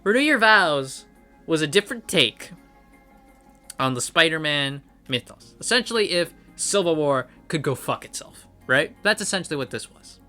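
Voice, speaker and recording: A man's voice: fairly high pitch, animated, normal speed, pushed and bright, faint music behind. A man reviewing comics in an angry, profane rant, repeating his points for emphasis. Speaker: comic book commentator. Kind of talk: ranting review.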